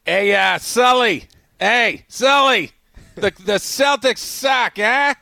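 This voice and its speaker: A man's voice: very high voice, animated, slow pace, creaky, sharp tone, no room sound, clean studio sound, voice pushed up, full character voice. A man putting on a brash Boston sports fan with a Boston accent. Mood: needling. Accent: Boston put-on.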